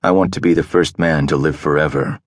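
A man voicing a rich, powerful man who talks quietly, calm and commanding. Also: very deep voice, a little fast, no echo, clean studio sound. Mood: calm, arrogant. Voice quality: quiet, soft-spoken.

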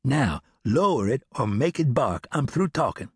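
A man's voice: mid-range voice, very animated, normal speed, breathy edge, dry recording, clean studio sound, pitched above the performer's own voice, full character voice. A man doing a stern, cool-headed lawman. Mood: cold. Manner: authoritarian, matter-of-fact. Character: stern, cool-headed male lawman turned bounty hunter.

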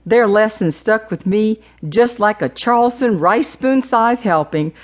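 A woman's voice: medium pitch, animated, a little slow. A woman narrating her own memoir audiobook, humorous with playful emphasis.

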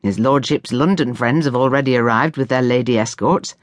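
A woman voicing a stern, ambitious middle-aged butler in an audiobook, firm and measured. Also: very deep voice, no room sound, clean studio sound, pitched below the performer's own voice.

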